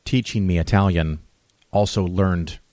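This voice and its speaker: Guy hosting an interview, really deep voice, dry close sound, joking around. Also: measured pace, darkish tone, no room sound. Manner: chatty, joking. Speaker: host. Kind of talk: casual interview talk.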